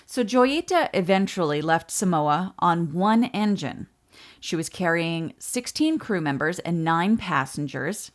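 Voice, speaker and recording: Woman podcast host telling a history story, bit low pitched, chatty and lively. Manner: lively narration with asides and laughs.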